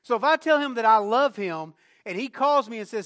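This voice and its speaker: A man preaching to his congregation in a high, bright voice. He talks conversationally, then swells into emphatic, rising lines. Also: lively intonation, fairly quick. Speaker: pastor. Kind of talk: sermon.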